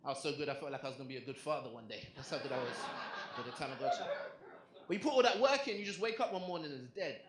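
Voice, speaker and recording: A young man doing a stand-up comedy set, chatty and animated, asking the crowd questions on a club stage. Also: medium pitch, rapid-fire. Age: young adult. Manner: conversational, animated punchlines, asks the crowd questions. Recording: echoey club with crowd noise.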